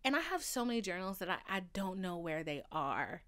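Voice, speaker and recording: A young woman in her twenties hosting a podcast and telling personal stories off the cuff. Her pitch jumps around a lot as she talks. She swears freely and keeps checking in with the listener. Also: brisk. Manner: animated, profane, says "okay?" often. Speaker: podcast host. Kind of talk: casual storytelling monologue.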